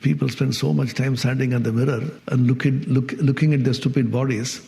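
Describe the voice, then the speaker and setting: Gravelly high-pitched man in a reverberant hall. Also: steady tone, brisk, mellow, slight background noise. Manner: questions the audience, acts out everyday speech. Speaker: swami teaching Vedanta. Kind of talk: spiritual discourse to an audience.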